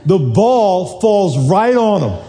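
A man in his forties, a little hoarse, telling a lively football story to a congregation, dropping low then shouting high. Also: slow, a crowd in the background, background noise. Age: 40s. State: hoarse from yelling. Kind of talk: animated storytelling sermon.

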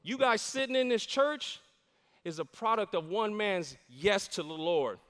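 A man's voice: sits high, expressive, measured pace, fairly bright tone. A middle-aged man preaching a sermon as pastor, with fervent, emphatic delivery and call-and-response with the congregation. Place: large church sanctuary. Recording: long reverb of a large church hall.

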